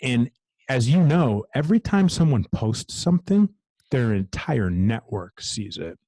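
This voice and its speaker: A man's voice: medium pitch, very animated, measured pace, dark tone, no echo. Blunt, fired-up man gym owner. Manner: blunt, swears freely, fired-up and driven. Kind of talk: casual podcast interview.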